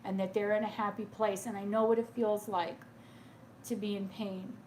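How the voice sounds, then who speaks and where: A woman's voice: mid-range voice, level tone, moderate pace, a little mellow, a little hiss or hum. A woman doing a live tarot reading for viewers, speaking in a soothing, reassuring way and often checking in with "okay?", sounding tearful and emotional. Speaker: tarot reader.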